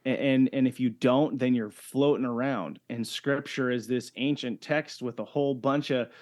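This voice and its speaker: A man's voice: mid-range voice, steady tone, normal speed, darkish tone. A middle-aged man speaking as a podcast guest on fatherhood and faith. He talks emphatically and often checks in with "right?". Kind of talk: casual faith-based conversation.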